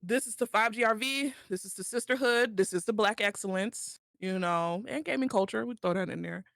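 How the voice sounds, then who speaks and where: A woman's voice: mid-range voice, a little fast, gravelly, fairly bright tone, no room sound, studio quality. Emotional Black woman streamer. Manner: tearful, affectionate, laughing. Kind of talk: emotional casual chat.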